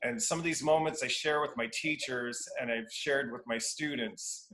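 A man in his fifties from Iowa chats as a guest on a podcast, spinning long anecdotes full of restarts and acted-out quotes. His voice is bright and forceful at an ordinary pitch. The room gives it a noticeable echo. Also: normal speed. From Iowa, United States. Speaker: guest educator. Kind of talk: casual storytelling interview. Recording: roomy echo.

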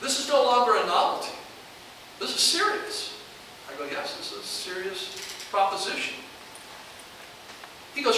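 A man's voice: high voice, brisk. Older man telling a story in an echoey hall. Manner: animated anecdote-telling, acting out quoted dialogue. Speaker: alumnus speaker. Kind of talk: storytelling speech. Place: large room at a reunion event. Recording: echoey hall, distant mic, hiss.

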